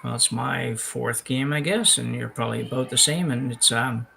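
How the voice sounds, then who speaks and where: Brief: male curling commentator, gravelly bright voice, chatty and rambling, faint hiss behind. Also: mid-range voice, moderate pace, poor audio. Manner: chatty, rambling, self-correcting. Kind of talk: live sports commentary, casual chat. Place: curling club, indoors.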